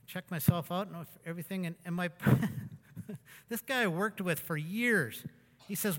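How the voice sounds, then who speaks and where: A man's voice: sits high, a little slow. A man telling folksy, rambling stories with self-mockery in a sermon talk to a congregation. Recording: long hall reverb.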